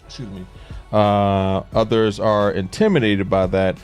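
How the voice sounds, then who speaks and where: A man co-hosting a casual radio talk show, reading listener comments aloud in a relaxed, affirming way. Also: fairly low pitch, a little slow, smooth, faint music behind. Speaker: radio co-host.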